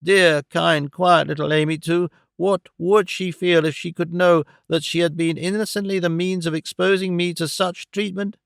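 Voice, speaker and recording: A man reading an audiobook voices a tearful, self-pitying young woman, speaking high and hurried through sobs. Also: fairly even intonation, vocal fry, a bit bright, clean tone, dry recording, clean studio sound.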